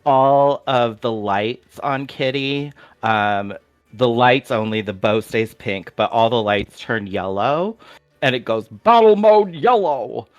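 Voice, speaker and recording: A man's voice: medium pitch, slow pace, clear, resonant tone, no echo, dull audio. A man playing a tabletop game, describing his character's actions hesitantly and with many fillers. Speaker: player.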